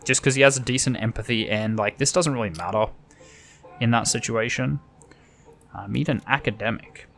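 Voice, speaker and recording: A man's voice: mid-range voice, normal speed, creaky, a bit bright, faint music behind. A man playing a story game, reading its text aloud and adding casual, offhand comments. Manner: casual, offhand, muttering asides. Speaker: gamer.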